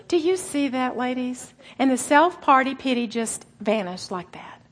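A woman preaching to women, telling her own story with lively, animated delivery and acted-out voices. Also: sits high, moderate pace, hardly any pauses, a faint crowd. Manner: animated storytelling, acts out voices, laughs often. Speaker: women's Bible teacher. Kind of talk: sermon.

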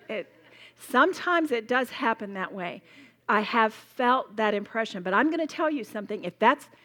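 A woman teaching a women's Bible study in a slightly high voice. She speaks emphatically and passionately, acting out small demonstrations as she goes. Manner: passionate, emphatic, animated storytelling with role-played demos.

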